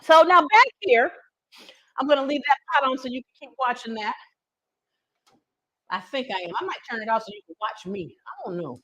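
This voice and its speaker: A woman's voice: sits high, moderate pace, pauses often, no room sound, poor audio. Chatty woman hosting a live cooking stream. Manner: chatty and folksy, talking straight to viewers in chat; animated, with teasing asides. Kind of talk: casual live cooking demonstration.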